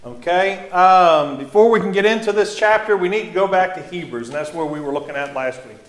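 A man teaching a Bible class in a church classroom, halting with many fillers and restarts, often quizzing his class. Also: high voice. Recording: echoey room with faint noise.

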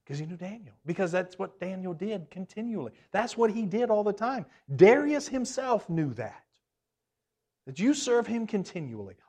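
A man with a fairly high voice teaches a Bible class in a loose, conversational way. He pauses often on hesitant fillers, corrects himself, and keeps turning questions back to the group. His voice lifts with emphasis on the points he wants to land. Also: darkish tone.

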